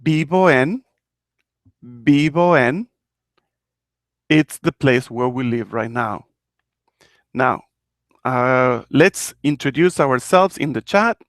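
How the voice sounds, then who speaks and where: A man's voice: medium pitch, slow pace, fairly bright tone, dry recording, studio quality. A man from Argentina teaching a live online Spanish lesson, explaining patiently and repeating each example phrase.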